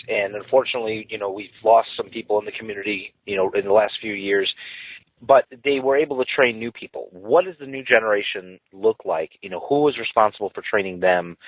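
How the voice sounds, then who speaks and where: Low-voiced host on a tinny line. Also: male voice, no echo. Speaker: podcast host. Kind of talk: interview questions. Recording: tinny phone-line sound.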